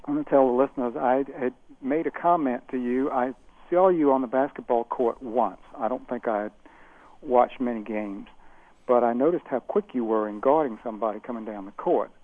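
A man's voice: medium pitch, moderate pace, no room sound. An older man phoning in to a radio show, recalling the past in a friendly way. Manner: friendly, recollecting. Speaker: caller. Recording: tinny phone line.

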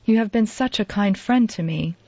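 A woman voicing a gentle remorseful young woman for an audiobook; dull, dry recording. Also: medium pitch, normal speed, no room sound, close to an everyday voice. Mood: anxious. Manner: soft, kindly, hasty when pressed.

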